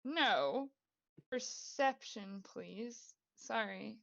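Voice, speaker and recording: A woman running a tabletop game as dungeon master, speaking in an unhurried, giggly way over a home mic. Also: on the high side, gravelly, fairly bright tone, dull audio.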